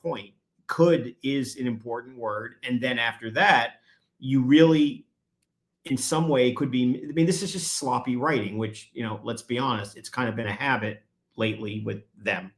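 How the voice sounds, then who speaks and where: A man's voice: mid-range voice, moderate pace. A man, a guest attorney, explaining legal procedure in conversation and growing emphatic when he presses a point.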